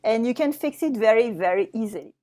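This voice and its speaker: A woman's voice: a little high, lively intonation, fairly quick, a little mellow. A French woman with a French accent, teaching a language lesson step by step. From France. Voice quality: explaining step by step, with restarts.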